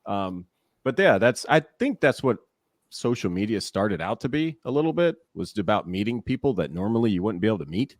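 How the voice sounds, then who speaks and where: Man in his 40s, casual storyteller, fairly low, very lively delivery, dry sound. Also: brisk, no room sound. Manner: animated, laughing storyteller who acts out quotes. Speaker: former pro baseball player and broadcaster. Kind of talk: casual storytelling in a podcast interview.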